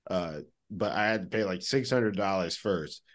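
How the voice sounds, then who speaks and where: A man's voice: sits low, normal speed. A man co-hosting a podcast, telling stories in casual chat, laughing often and swearing freely. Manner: laughing, animated storytelling, heavy swearing. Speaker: podcast co-host.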